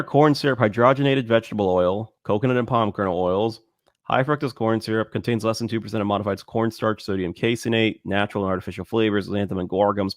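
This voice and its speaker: Low-voiced casual male podcast co-host. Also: no echo, clean studio sound. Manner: reads ingredient lists aloud, halting with fillers. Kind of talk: casual chat.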